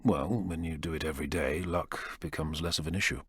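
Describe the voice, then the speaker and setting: A calm, enigmatic doctor, played by a male narrator with a very deep, low voice. He speaks in a clinical, understated way, softer than the narration. It sounds close and dry. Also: brisk, breathy edge, dry recording. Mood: measured.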